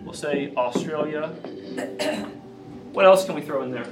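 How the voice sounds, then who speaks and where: A man from Virginia with a Southern accent, giving a lively classroom lecture and asking his audience questions. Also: a little high, measured pace, noisy background. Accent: Southern US, Appalachian Virginia. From Grayson County, Virginia, USA. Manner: energetic, asks the audience questions often. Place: lecture room. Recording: echoey room, mic from a distance.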